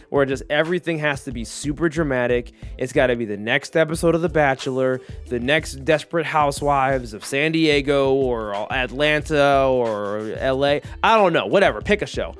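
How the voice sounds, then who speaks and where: Rambling, filler-heavy male podcaster. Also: medium pitch. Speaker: podcast host. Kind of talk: casual solo podcast monologue.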